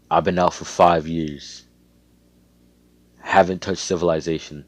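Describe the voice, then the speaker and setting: A young man casually narrating a fan story in a rambling, slangy way, with swearing. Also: very deep voice.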